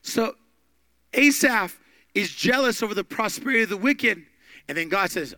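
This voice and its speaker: A male pastor preaches with emphatic energy, his voice riding high with a gravelly edge. He swings between loud bursts and hushed asides. The sound is close and dry, with no room around it. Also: moderate pace, dry recording. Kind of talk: sermon.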